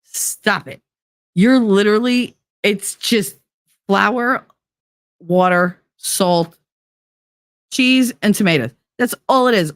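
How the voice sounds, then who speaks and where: A woman's voice: on the low side, no echo, clean studio sound. Blunt, swearing woman streamer. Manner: blunt, sarcastic, swears freely. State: tired from little sleep. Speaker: livestream host reading chat. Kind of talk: casual chat.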